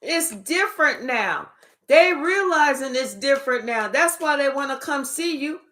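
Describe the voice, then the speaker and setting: A woman with a high, bright voice delivers a tarot reading monologue. She is blunt and emphatic, swears freely and keeps firing rhetorical questions at her listener. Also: animated, measured pace. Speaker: tarot reader.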